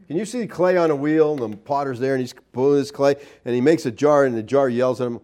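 Emphatic male preacher, mellow voice. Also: medium pitch, a little fast. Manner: emphatic, rhetorical questions, reads scripture aloud. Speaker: pastor. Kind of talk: sermon.

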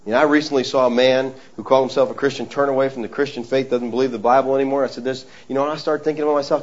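A man's voice: mid-range voice, fairly even intonation, very fast, hardly any pauses. A middle-aged man preaching a sermon in a folksy, emphatic way, calling his listeners folks. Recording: dull lo-fi recording.

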